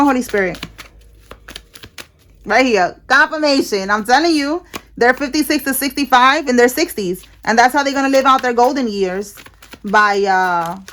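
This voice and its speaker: A woman's voice: fairly high pitch, fairly bright tone, slight background noise. Blunt, slangy woman reading tarot. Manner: blunt, slangy and swearing, with frequent "all right?" check-ins. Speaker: tarot reader.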